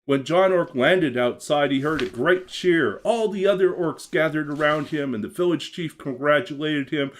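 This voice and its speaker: A man reading his own children's story aloud in a gentle, expressive storytelling manner, then chatting casually with his stream viewers. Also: moderate pace, hardly any pauses. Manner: expressive, gentle storyteller who swings his pitch a lot.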